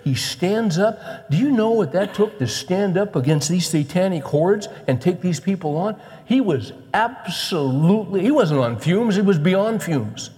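A man's voice: lively intonation, measured pace, hardly any pauses, darkish tone, big-room sound. A male pastor preaching a conversational sermon, moving from casual asides to emphatic encouragement. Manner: conversational, rising to emphatic urging, with quoted scripture read low.

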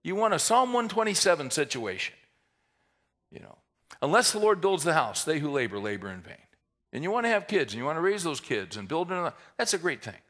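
A man preaching a sermon in an animated way, mixing humorous asides into the teaching. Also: on the high side, a little fast. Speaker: pastor.

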